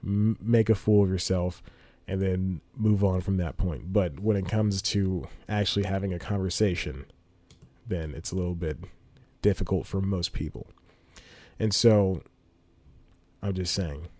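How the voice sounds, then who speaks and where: A man's voice: low-pitched, moderate pace, pauses often, dark tone, dry recording. A man hosting a podcast in a rambling, casual monologue, laughing between phrases, speaking into a studio microphone. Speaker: podcast host. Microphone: studio microphone with headphones.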